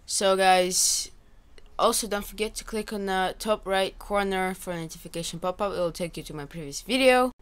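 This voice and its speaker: A woman's voice: mid-range voice, moderate pace, smooth. A young woman, commentating a game and swearing at a friend. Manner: frustrated, swearing, yelling at a friend. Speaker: gaming YouTuber. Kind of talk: casual gameplay commentary.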